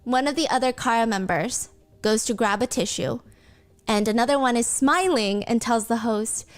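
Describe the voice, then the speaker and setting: A woman's voice: on the high side, normal speed. A woman hosting a reaction video, recapping a TV clip and earnestly explaining the cultural context with sympathy. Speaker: reaction channel host.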